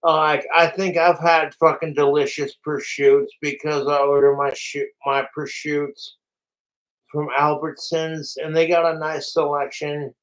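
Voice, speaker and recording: A man livestreaming in a casual, rambling, excitable way, a bit tipsy and slurring from alcohol, swearing often. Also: fairly high pitch, a little slow, low-quality recording.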